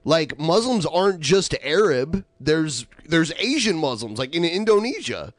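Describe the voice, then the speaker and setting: Animated male co-host with a dry, close sound, chatty and meandering. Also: fairly high pitch, unhurried, no echo. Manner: explains with many fillers and restarts. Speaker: podcast co-host. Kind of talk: casual chat.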